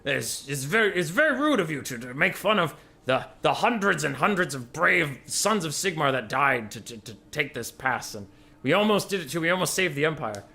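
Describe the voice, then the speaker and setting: A man's voice: on the high side, very animated, a little fast, gravelly, bright, forceful tone, pitched above the performer's own voice, heavily acted. A man voicing an offended male Imperial soldier in a joke, talking in an indignant, raised way.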